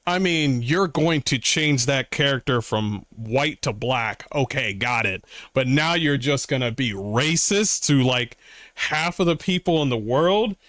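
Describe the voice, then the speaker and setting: A man streaming from his room, giving excitable, profane reaction commentary and mocking people with voices. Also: mid-range voice, unhurried, no echo, clean studio sound. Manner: excitable, swears often, mocks with voices.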